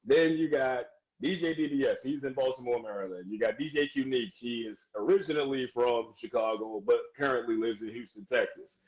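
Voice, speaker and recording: A man who works as a DJ, chatting casually as a guest in a live-stream interview, animated and laughing often as he gives shout-outs. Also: medium pitch, brisk, lo-fi sound. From United States.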